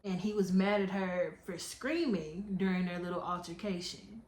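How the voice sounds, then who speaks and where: A young woman telling a personal story on her vlog, candid and animated as she retells it. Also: on the low side, moderate pace. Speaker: storytime vlogger. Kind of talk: casual storytelling. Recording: echoey room.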